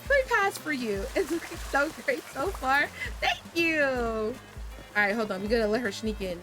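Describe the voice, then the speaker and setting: A woman's voice: high-pitched, animated, a little slow, fairly bright tone. A woman streaming a game, chatting casually in a chaotic, playful way with lots of stammered restarts. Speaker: VTuber streamer. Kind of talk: casual gameplay commentary. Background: game music.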